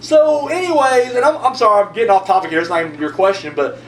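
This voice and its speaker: A man hosting his own video channel, telling a long story in a rambling, profane, animated way. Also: high-pitched, fast talker, far from the mic. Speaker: video host answering viewer comments. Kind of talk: casual storytelling monologue. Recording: roomy echo, mic set back, faint hum.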